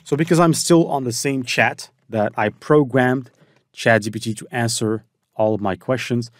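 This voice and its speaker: A man hosting a software tutorial, thinking aloud as he walks through each step. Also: mid-range voice, normal speed, no room sound, studio quality. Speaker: tutorial host. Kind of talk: screen-recorded software tutorial.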